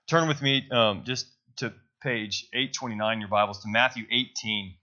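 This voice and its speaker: A man's voice: medium pitch, normal speed, bright, forceful tone, lo-fi sound. A man preaching a sermon to a congregation in a loose, conversational way, correcting himself as he goes and checking in with "right?". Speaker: pastor. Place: church service.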